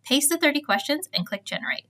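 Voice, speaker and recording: A woman's voice: high-pitched, fast talker. A woman reading a scripted step-by-step tutorial voice-over. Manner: steady step-by-step explaining.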